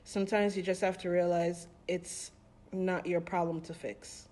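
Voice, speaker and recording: A woman on a podcast, telling personal stories in a casual, animated way and acting out what people said. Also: fairly low pitch, unhurried. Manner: animated storytelling, acting out quoted voices with laughs. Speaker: podcast co-host.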